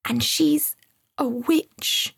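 A woman's voice: fairly even intonation, drawn-out words, vocal fry, no room sound, clean studio sound, heavily acted. A woman doing an anxious little boy. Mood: fearful. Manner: breathless, high and urgent. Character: frightened small boy, anxious and excitable.

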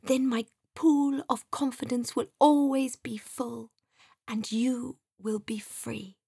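A woman's voice: fairly high pitch, fairly even intonation, takes it slowly, gravelly, dark tone, slightly rough, no echo, clean studio sound, heavily acted. A woman doing a kind clicking dolphin. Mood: gentle.

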